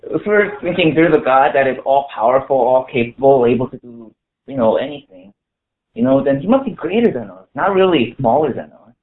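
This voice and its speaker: A man gives a relaxed, chatty sermon, leaning on "you know" and restarting his sentences as he goes. His voice sits at an ordinary middle pitch. The recording is thin and tinny, like it came over a phone line. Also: a little fast. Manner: conversational, full of "you know" fillers and restarts. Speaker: pastor. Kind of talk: casual sermon to a small congregation.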